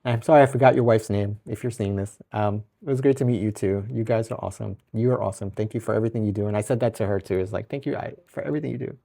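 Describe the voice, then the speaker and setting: A man's voice: on the low side, fairly even intonation, rapid-fire, vocal fry, few pauses, mellow. A man hosting his own podcast, talking in a loose, rambling way with frequent restarts, laughs and casual swearing. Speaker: podcast host. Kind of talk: casual solo podcast monologue.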